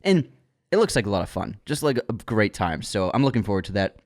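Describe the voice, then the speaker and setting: A man's voice: fairly low pitch, very animated, quick pace. A young man co-hosting a podcast, reading out entertainment news and joking around in casual chat. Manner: playful, reads news items, jokes around. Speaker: podcast co-host.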